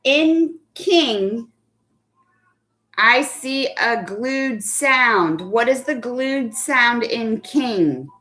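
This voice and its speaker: Woman teacher, young adult, unhurried, encouraging, spells words letter by letter, online phonics class. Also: on the high side, lively intonation, bright, forceful tone. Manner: patient, encouraging, praises children by name; slow and deliberate when spelling out words. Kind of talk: live online phonics lesson.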